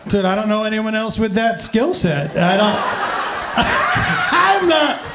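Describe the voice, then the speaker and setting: High-voiced comedian telling a story. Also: male voice, normal speed, heavy background noise. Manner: animated, laughs often, profane. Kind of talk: storytelling in a live Q&A.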